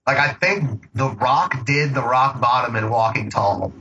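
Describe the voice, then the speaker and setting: A man trading jokes on a casual movie podcast, swearing freely and breaking into laughter as he recaps scenes. His voice is bright and forward. The recording is a little dull, with a faint hiss underneath. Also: medium pitch, unhurried. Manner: profane, laughing, recaps plot with voiced quotes. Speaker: podcast co-host. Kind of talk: casual movie review chat.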